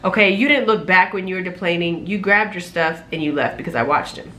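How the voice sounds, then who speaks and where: A young adult woman and flight attendant, telling a story in a casual, animated, sassy vlog from a room at home, recorded on a camera mic. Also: on the low side, brisk. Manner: animated, sassy, loud laughs, exclaiming.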